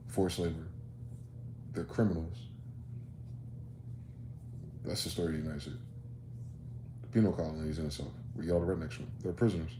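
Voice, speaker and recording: A man hosting a solo rant monologue, firing off rhetorical questions in a profane, combative way. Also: low-pitched. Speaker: host. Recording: roomy echo, faint background noise.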